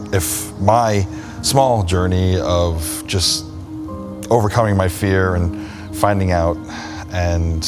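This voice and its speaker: A man vlogging from his car, rambling with lots of fillers as he talks about a doctor visit. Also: deep voice. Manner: anxious then relieved, rambling with many fillers. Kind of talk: personal vlog, talking to camera.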